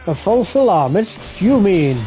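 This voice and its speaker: A man giving casual live commentary while playing a game, sleepy and yawning, swearing often in a low-key way. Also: sing-song, unhurried, over music.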